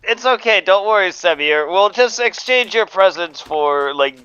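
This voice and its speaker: A man's voice: sits high, lively intonation, a little slow, pushed and bright, clean tone, no echo, muffled recording, voice pushed up, exaggerated voice. A man voicing a soothing, jokey figure with a mock Indian accent. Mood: reassuring. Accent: Indian, put on.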